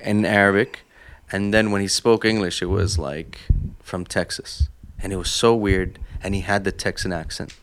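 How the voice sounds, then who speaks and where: A man's voice: low-pitched, steady tone, moderate pace, slight background noise. A man co-hosting a podcast, explaining his views at length with examples in casual chat. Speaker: podcast co-host.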